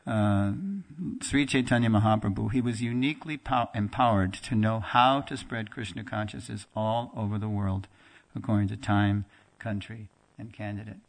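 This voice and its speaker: A man teaching a religious class, telling a story in a lively conversational way and acting out the dialogue. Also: lowish voice, normal speed. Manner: animated storyteller, acts out quoted dialogue; conversational with fillers and restarts, laughs now and then. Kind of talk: storytelling lecture.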